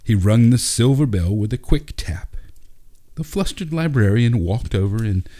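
Brief: calm male narrator for a storybook, deep and mellow. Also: moderate pace. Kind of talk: storybook reading.

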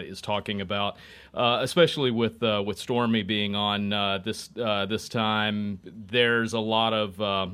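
A man, a political reporter, speaking haltingly with many fillers. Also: fairly low pitch, sharp tone, clean tone. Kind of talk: guest political commentary.

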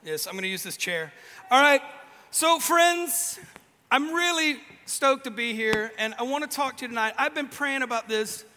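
A man's voice: very high voice, lively intonation, normal speed, sharp tone, big-room sound, a little hiss or hum. A man preaching a casual, joking sermon, telling stories with many restarts, in a large event venue.

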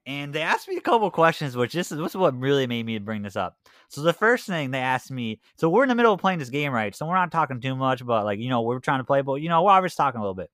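A man's voice: medium pitch, sing-song, fast talker, fairly bright tone, no room sound, studio quality. A young man co-hosting a casual podcast, telling stories loosely with lots of fillers. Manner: rambling, loose storytelling with many fillers. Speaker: podcast co-host. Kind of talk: casual chat.

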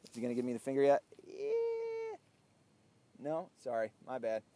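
Animated, foul-mouthed man ranting while driving. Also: mid-range voice, normal speed. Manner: profane, blunt and animated. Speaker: podcast host. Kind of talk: casual ranting monologue. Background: faint vehicle noise.

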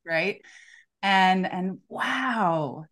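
A woman's voice: mid-range voice, lively intonation, extremely slow, a bit bright. A woman coach co-hosting a casual conversation, talking emphatically and often checking in with "right?". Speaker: coach and podcast co-host.

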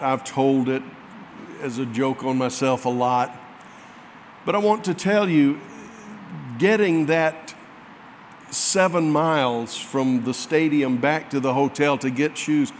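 A man's voice: fairly high pitch, a little hiss or hum. A man preaching a sermon, telling a folksy, self-mocking story to his congregation. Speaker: pastor. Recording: long hall reverb.

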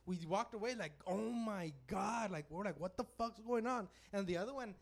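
A man with a high, light voice tells a crude story on a casual podcast. He talks in a loose, animated way, swears freely and breaks into laughter often. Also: moderate pace, vocal fry. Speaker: podcast co-host.

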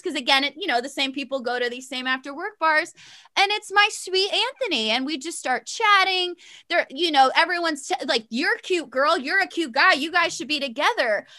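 Young woman, high pitched, bright, sassy storyteller, casual chat, dry sound. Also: no room sound. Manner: animated, sassy, lots of fillers and quoted voices. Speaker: guest telling a story.

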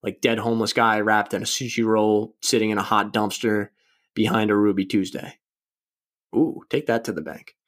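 A man's voice: fairly low pitch, level tone, moderate pace. Rambling, profane young man podcasting solo. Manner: rambling, profane, self-mocking. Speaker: podcast host. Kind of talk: casual solo podcast chat.

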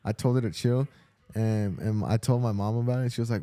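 Young male co-host, mellow relaxed voice, jokey casual banter. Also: on the low side, brisk, faint music behind. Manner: joking, laughing, repeats words. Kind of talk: casual chat.

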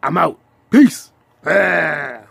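A young man hosting a solo comedy podcast, ranting in loud, profane bursts with sudden shouts. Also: a little high, animated, extremely slow, gravelly, slight background noise.

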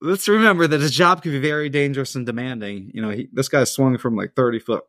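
A man's voice: mid-range voice, quick pace, fairly bright tone, no echo. Dry, close-miked man telling a story. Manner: laid-back, reading with asides and chuckles. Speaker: podcast host. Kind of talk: casual storytelling from a script.

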